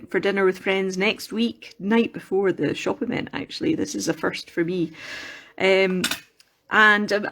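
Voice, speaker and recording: Chatty Scottish woman crafting on a live chat. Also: medium pitch. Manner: rambling, chatty, wanders off on tangents. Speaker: craft livestreamer. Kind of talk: casual live chat while sculpting. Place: workshop room in a mill. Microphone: phone.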